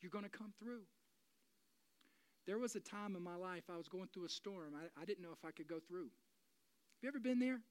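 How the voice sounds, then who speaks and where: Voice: mid-range voice, fairly quick, clean tone, dry recording. Forty-something pastor preaching with big dynamic swings. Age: 40s. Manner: swings between loud preaching and hushed, confiding talk. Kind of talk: sermon. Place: church.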